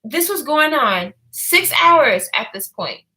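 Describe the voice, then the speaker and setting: A woman's voice: high-pitched, sing-song, slow, pushed and bright, poor audio. A woman vlogger telling a rambling story in casual talk, full of fillers and swearing.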